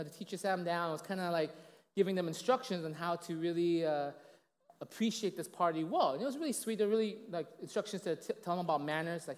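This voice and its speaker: Chatty and relaxed, a late-thirties pastor preaches a sermon full of stories, leaning heavily on fillers like "you know" and "right?". He performs quoted voices with big jumps in pitch, and a large hall's long reverb surrounds him.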